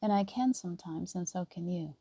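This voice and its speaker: A middle-aged woman hosting a spiritual live stream, talking softly and earnestly and greeting viewers by name. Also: on the low side, a little fast, breathy edge, no room sound.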